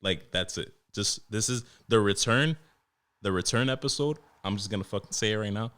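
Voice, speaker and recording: A young man, hosting a podcast and ranting in a profane, animated way, acting out his customers. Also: fairly low pitch, normal speed. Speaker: podcast host and barber. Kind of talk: casual solo podcast rant.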